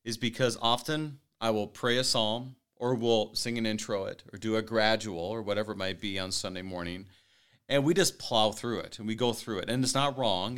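Man, host, low smooth voice, earnest, reads scripture aloud. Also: fairly bright tone. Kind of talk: Bible study radio talk.

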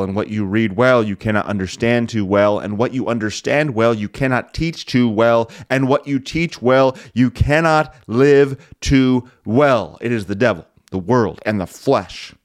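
A man delivers a radio sermon as host, driving his points home with climbing emphasis on repeated phrases and weighty pauses. His voice sits at an average pitch, and the recording is dry and close, with no room sound. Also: no room sound. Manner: emphatic preaching with dramatic pauses and occasional chuckles. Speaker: radio show host preaching.

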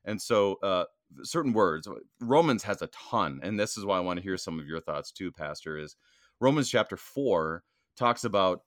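Deep-voiced church leader guy chatting about doctrine, earnest, lots of ums, dry close mic. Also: expressive, normal speed, fairly bright tone, no room sound. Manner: earnest, with frequent fillers and restarts. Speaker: district president co-hosting a Lutheran study podcast. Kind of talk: casual theological discussion and reading aloud.

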